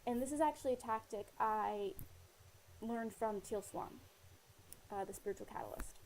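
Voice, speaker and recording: A woman's voice: fairly high pitch, darkish tone, low-quality recording. A woman talking earnestly to camera, rambling a little with fillers as she shares personal advice. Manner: earnest, rambling, many fillers and retold dialogue. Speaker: vlogger sharing personal advice. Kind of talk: casual personal talk to camera. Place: living in Australia.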